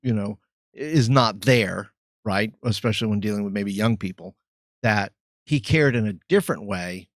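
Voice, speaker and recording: A man who is a youth pastor, a guest on a podcast, reflecting thoughtfully and pausing to search for his words. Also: lowish voice, no echo, clean studio sound. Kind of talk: reflective interview talk.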